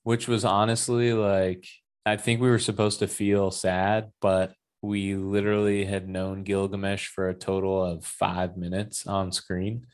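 A man's voice: low voice, flat delivery, a little slow. A man casually discussing a superhero movie with an easygoing, joking manner. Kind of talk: casual movie review chat.

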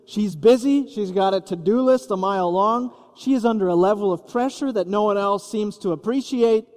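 A man's voice: sits high, a little mellow, long reverb tail. A man preaching a sermon as pastor, telling the story vividly and acting out the scene.

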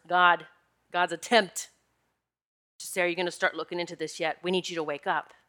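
Woman, bright forceful tone, casual storytelling, confiding, animated. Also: fairly low pitch. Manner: animated, confiding, addresses listeners directly. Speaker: spiritual energy practitioner.

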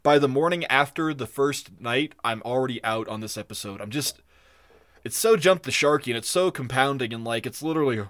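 A man's voice: mid-range voice, brisk, a bit bright, no echo, clean studio sound. A man co-hosting a podcast, reviewing a cartoon episode in casual, profane, ranting chat. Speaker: podcast co-host.

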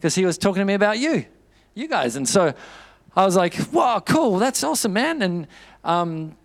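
A man's voice: high voice, big pitch swings, moderate pace. Fervent New man preaching. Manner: storytelling with quoted dialogue, rising to fervent urging. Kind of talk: sermon.

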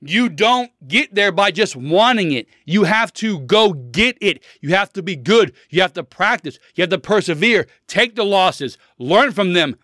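A man's voice: high-pitched, animated, measured pace, hardly any pauses, bright, forceful tone, no room sound, clean studio sound. A man in his thirties hosting a casual solo podcast, blunt and preachy, hammering his points home by repeating them. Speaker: podcast host.

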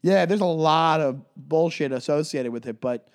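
A young male comedian co-hosting a podcast, chatting in a relaxed, rambling way. He often trips over his words and repeats himself, in a voice a little higher than most men's. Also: moderate pace, clear, resonant tone. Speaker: podcast co-host. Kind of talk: casual chat.

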